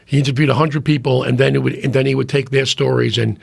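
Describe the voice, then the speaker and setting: A man's voice: medium pitch, level tone, quick pace, vocal fry, no room sound. A middle-aged man, a podcast guest, talking in casual conversation and rambling with many restarts. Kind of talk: casual chat.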